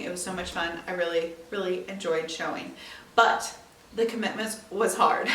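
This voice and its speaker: A young woman podcast host from northeast Iowa talks in a lively, chatty way and laughs often. Her voice sits at a middle pitch. She is a little far from the mic, and the room adds a noticeable echo. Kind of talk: solo podcast monologue. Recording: roomy echo, mic a bit distant.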